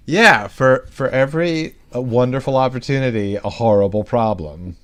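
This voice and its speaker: A man's voice: mid-range voice, normal speed, a bit bright. A man co-hosting a podcast, chatting casually about a TV episode with dry, jokey asides. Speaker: podcast co-host. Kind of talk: casual chat recapping a TV episode.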